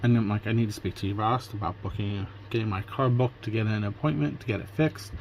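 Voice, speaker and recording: Speaking a little fast in a low, creaky, darkish voice, a Pennsylvania man shares his day in a casual storytelling vlog. He recreates the conversations he had by quoting both sides, with a faint hiss or hum in the background.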